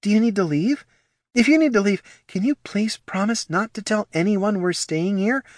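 A man voicing a poor, proud female gnoll mother who speaks softly and pleads, in a storybook reading. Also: high voice, moderate pace, no room sound, clean studio sound, voice pushed up, lightly acted. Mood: pleading.

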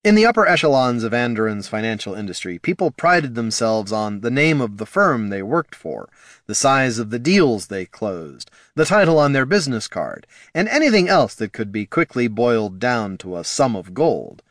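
A man narrating a fantasy story in an expressive storytelling way. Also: mid-range voice, normal speed, no echo, studio quality. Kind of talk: audiobook narration.

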